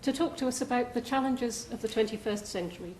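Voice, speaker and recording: A woman hosting an event, reading a formal, measured introduction of the guest speaker. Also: fairly high pitch, a little mellow, slight background noise. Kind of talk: scripted introduction. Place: lecture hall. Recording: echoey hall sound.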